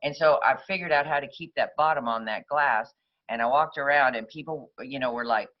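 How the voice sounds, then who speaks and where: A woman's voice: rumbling low, a little fast. Woman, recovery meeting speaker, rambling conversational storyteller, muffled lo-fi recording.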